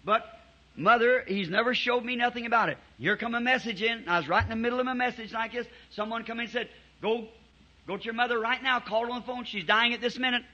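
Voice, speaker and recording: A man preaching to a congregation, telling folksy stories with chuckles in a lively way, on a dull old tape recording. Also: very high-pitched, fast. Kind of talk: storytelling sermon. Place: church before a congregation.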